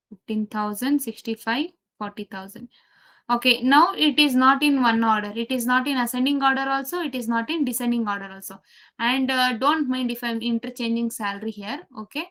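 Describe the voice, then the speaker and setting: A woman's voice: fairly high pitch, a bit bright. A woman teaching a live programming class, repeating key steps and quizzing her students as she goes. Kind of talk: live coding lesson.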